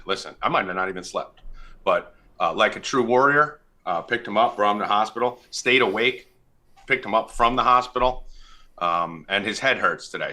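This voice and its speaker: Brief: young male podcast host, very bright tense tone, brash, swears constantly, trash-talks the crew. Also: low-pitched. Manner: brash and profane, loud ribbing. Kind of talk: casual sports betting chat.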